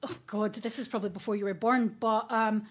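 A woman's voice: mid-range voice, fairly even intonation, brisk. A woman with a Scottish accent, a podcast guest chatting casually and bluntly, with lots of swearing and slang. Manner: frank and sweary, with broad local slang. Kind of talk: casual chat.

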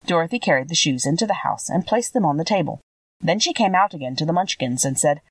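A woman's voice: low voice, lively intonation, a little fast, no room sound, recorded from a distance. A woman narrating a classic children's story, reading expressively.

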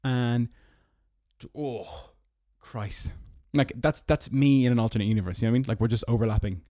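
A man's voice: steady tone, moderate pace, warm tone, no room sound, studio quality. A young man with an Irish accent, hosting a podcast alone from his car and rambling through stories with sarcastic asides. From Ireland. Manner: rambling storyteller, sarcastic, mock-squeaky when mocking. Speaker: podcast host. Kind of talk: casual solo podcast monologue. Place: parked car.

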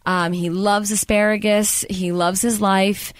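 A woman's voice: medium pitch, level tone, a little slow. Chatty woman podcast co-host. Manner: chatty, filler-heavy, acts out quotes. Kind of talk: casual chat recapping a movie.

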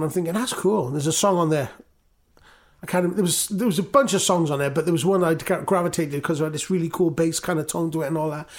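A Welsh man from Newport, a guest musician telling rambling stories in casual chat, swearing and acting out the voices of the people he quotes. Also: sits high. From Newport, Wales.

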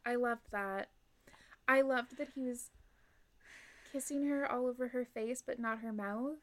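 Young woman co-host, giggly and animated, slightly high voice. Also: unhurried. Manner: giggly, animated, lots of fillers. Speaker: podcast co-host. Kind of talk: casual book chat.

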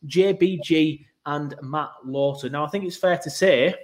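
A man's voice: on the high side, a little slow. A man hosting a football fan podcast, speaking directly to his listeners in a friendly way. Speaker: podcast host. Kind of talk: podcast monologue.

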